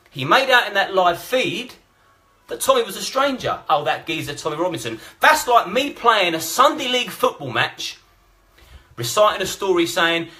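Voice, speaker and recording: A man's voice: high voice, big pitch swings, moderate pace, pushed and bright. A blunt, combative man, ranting and swearing through live-stream commentary. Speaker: vlogger.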